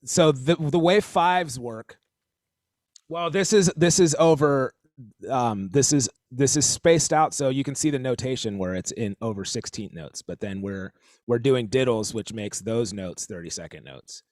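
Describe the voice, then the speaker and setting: A drum teacher hosting a casual stream over a video call explains accents and counts beats aloud, rambling and correcting himself. His mid-range voice is darkish and a little slow, recorded in studio quality with no echo.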